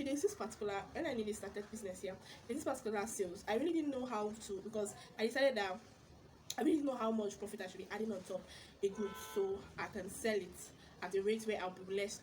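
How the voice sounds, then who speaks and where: A young woman with a Nigerian accent telling her business stories in a casual vlog, animated, exclaiming and repeating words for emphasis. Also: fairly high pitch, background noise. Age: young adult. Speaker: vlogger.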